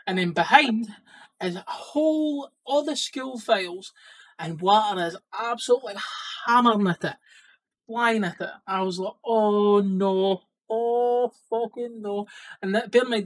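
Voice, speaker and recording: A man with a Scottish accent, a plumber telling work stories to camera in a casual, sweary, lively way. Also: high-pitched, low-quality recording. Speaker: plumber and vlogger.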